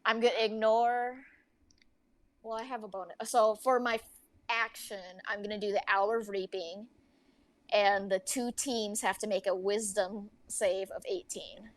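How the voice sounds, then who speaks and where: A woman's voice: medium pitch, fairly even intonation, a little slow. A young woman playing in a tabletop game, talking casually with lots of "like". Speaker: player.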